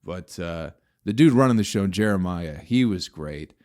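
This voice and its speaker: A man's voice: low voice, expressive, normal speed, a little mellow. A man, a comedian hosting his own podcast, telling a rambling story with a lot of swearing and exasperated asides to his listeners.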